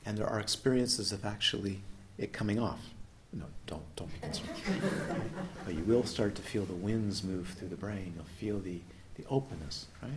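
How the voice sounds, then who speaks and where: Low-voiced man teaching meditation. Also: normal speed, background noise. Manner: playful, exploratory teaching with questions to listeners. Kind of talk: dharma talk at a retreat. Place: retreat hall.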